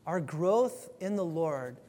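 A man's voice: fairly high pitch, lively intonation, takes it slowly, warm tone. A male pastor giving an earnest, conversational sermon, often restarting his sentences. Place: church sanctuary. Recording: long hall reverb.

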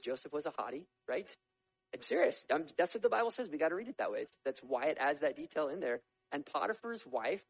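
A man preaching a sermon as a lively storyteller, with humorous asides. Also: on the high side, poor audio. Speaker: pastor.

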